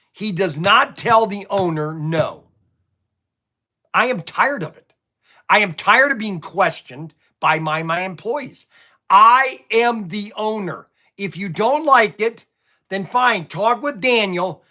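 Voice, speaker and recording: A man's voice: high-pitched, expressive, takes it slowly, bright, forceful tone. A middle-aged man who owns a toy shop, rambling and stammering through livestream stories and frustrations. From Ohio. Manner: stammering, restarts often, venting.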